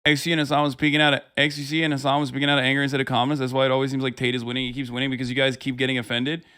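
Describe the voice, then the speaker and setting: A man's voice: medium pitch, little pitch movement, rapid-fire, sharp tone, clear, resonant tone. A man in his thirties hosting a livestream, talking in a heated, sarcastic and profane way. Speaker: livestream host. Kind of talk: casual streamer commentary.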